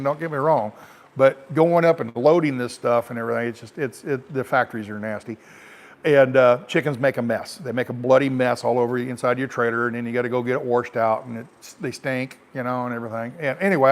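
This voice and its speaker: Rambling, salty American trucker. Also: male voice, mid-range voice. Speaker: truck driver vlogger. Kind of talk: casual storytelling to camera.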